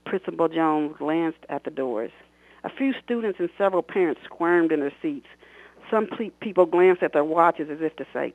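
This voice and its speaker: An author calls into a radio talk show and gives an expressive reading of a scene from his novel, shouting the characters' lines, then talks about it. His voice is fairly high and gravelly at a normal speed, carried over a tinny, dry phone line.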